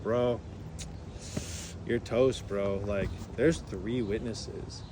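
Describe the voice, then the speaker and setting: A man's voice: lowish voice, steady tone, very slow, warm tone, slight background noise, voice pushed down. A man voicing a laid-back male passenger who drawls and mumbles, calling people bro. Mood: mumbling.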